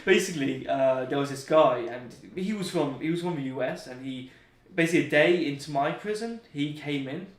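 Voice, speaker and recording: A man's voice: fairly high pitch, fairly quick. Joking, rambling man. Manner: joking, rambling storyteller in slang. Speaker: interview guest. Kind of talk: anecdotal storytelling. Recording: roomy, distant mic.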